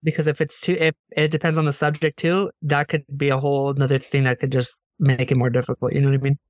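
A man's voice: medium pitch, quick pace, no echo, studio quality. A man co-hosting a casual podcast chat, telling stories with swearing and acting out what people said. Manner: animated storyteller, swears, acts out quoted lines. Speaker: podcast co-host.

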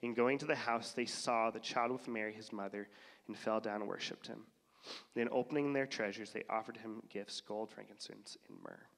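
A man preaching in a relaxed, conversational way, often slipping into voices to act out people's thoughts. He has a lingering cough, and his voice rings with a long reverb in a large hall. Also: on the low side, moderate pace, creaky. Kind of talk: casual sermon.

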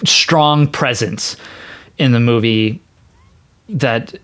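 A man's voice: medium pitch, extremely slow, fairly bright tone. A man co-hosting a casual movie chat, rambling and enthusiastic. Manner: enthusiastic, rambling, puts on playful voices when quoting. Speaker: podcast co-host.

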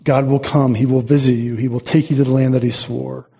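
A man's voice: medium pitch, little pitch movement, fairly quick, creaky, dark tone, slightly rough. A middle-aged man pastor preaching a sermon in an earnest, repeating way, often restarting his phrases.

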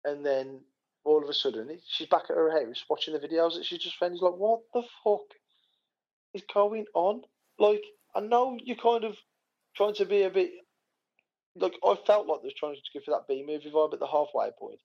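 A man's voice: fairly high pitch, a little fast, creaky, lo-fi sound. A man co-hosting a casual podcast, telling a story in a rambling way with lots of fillers and restarts. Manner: rambling, animated retelling with many fillers and restarts. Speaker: podcast co-host. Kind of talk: casual chat.

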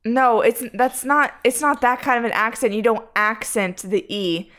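Matter-of-fact young woman, higher voice. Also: moderate pace, a bit bright. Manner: matter-of-fact, correcting others. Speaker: podcast co-host. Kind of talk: casual chat.

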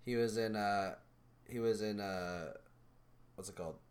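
A man co-hosting a podcast in casual chat, relaxed and often pausing to hunt for words. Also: on the low side. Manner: relaxed, halting, searching for words. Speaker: podcast co-host.

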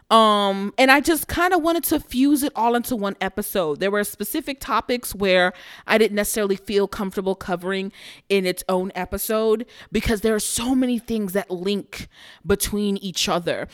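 A young woman runs her own podcast in a brash, playful monologue. She swears freely and laughs a lot as she talks. Her voice sits at an ordinary middle pitch. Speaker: podcast host. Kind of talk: casual solo podcast monologue.

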